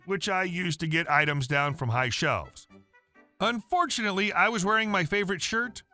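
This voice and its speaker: A man reading a story aloud in an even storytelling manner, as the regular narrator of a story channel. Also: high-pitched. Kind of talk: scripted narration.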